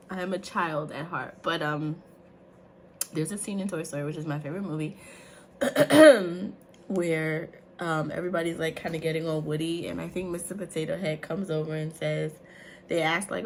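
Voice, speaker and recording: A woman in her thirties vlogging to camera in a chatty, animated way, with many asides to her viewers. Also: fairly low pitch, moderate pace, gravelly, slight background noise. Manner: chatty, animated, says "y'all" and "like" often. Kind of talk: casual talk to camera.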